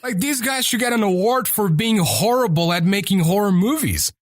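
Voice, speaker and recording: A man's voice: high voice, very animated, moderate pace, no room sound, studio quality. A man hosting a podcast in casual chat, rambling and swearing freely as he rants. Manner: rambling and profane. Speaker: podcast host.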